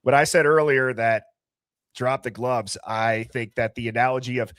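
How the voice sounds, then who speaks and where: A man's voice: mid-range voice, fairly even intonation, smooth, no echo, clean studio sound. A man hosting a live call-in stream, greeting viewers by name in a playful, chatty way. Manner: rapid shout-outs, playful and chatty. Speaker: live call-in show host. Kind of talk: casual live-stream chat.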